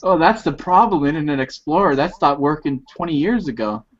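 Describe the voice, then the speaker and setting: A man's voice: fairly high pitch, a little fast. Joking man on a muffled video call. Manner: teasing, joking. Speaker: participant in an online chat. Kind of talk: casual joking group chat.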